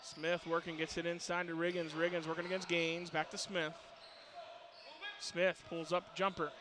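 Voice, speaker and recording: A man calling high school basketball play-by-play in a steady, lightly joking manner. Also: normal speed, noisy background. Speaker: play-by-play announcer.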